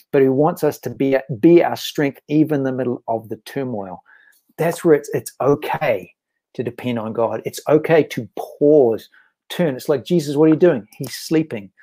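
Earnest, mellow-voiced New man. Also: medium pitch. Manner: earnest and reflective, with frequent restarts. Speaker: guest author. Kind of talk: casual faith-focused interview talk.

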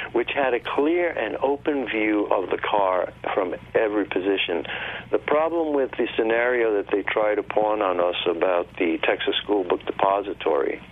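A man talking on a radio show, explaining at length in an insistent way over a phone line. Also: on the low side. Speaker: guest. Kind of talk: radio call-in talk.

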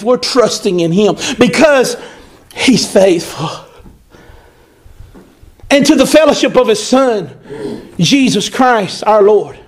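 Male pastor, very high voice, animated emphatic sermon delivery. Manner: animated, emphatic preaching with repetition.

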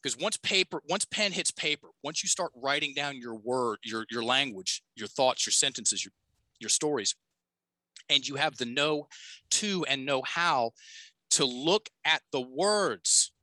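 A man's voice: medium pitch, unhurried, pushed and bright, no room sound, low-quality recording. A man who is a podcast guest and coach, telling a story in a casual, emphatic way and swearing freely.

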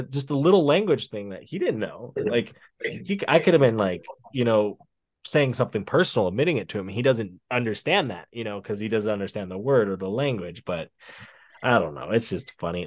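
A man co-hosting a podcast in casual chat, telling stories with big swings in his voice. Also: brisk. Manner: animated storyteller with big pitch swings.

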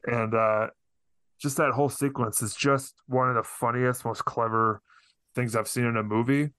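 A man appearing as a guest on a film podcast, talking casually and thoughtfully about movies, often pausing and restarting his sentences. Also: mid-range voice, steady tone, sharp tone, dry recording. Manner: thoughtful, hesitant with many restarts.

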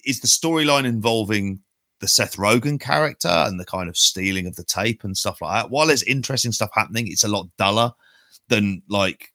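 Lowish bright voice, guy in his 40s co-hosting a pod, sweary rambling takes, dry close mic. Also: brisk, dry recording. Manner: rambling, sweary opinionated chat. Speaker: podcast co-host. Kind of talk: casual chat.

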